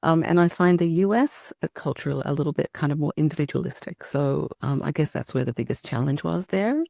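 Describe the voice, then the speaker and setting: A woman's voice: low voice, a little fast, creaky, mellow, dry recording, studio quality. A middle-aged Australian woman, a podcast guest, talking in an upbeat, chatty way with plenty of fillers. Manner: upbeat, talkative, frequent fillers. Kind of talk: conversational interview.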